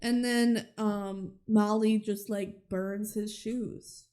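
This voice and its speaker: A woman's voice: mid-range voice, steady tone, slow, darkish tone. A woman co-hosting a podcast, casually recapping a movie, acting out characters' lines and laughing often. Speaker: podcast co-host.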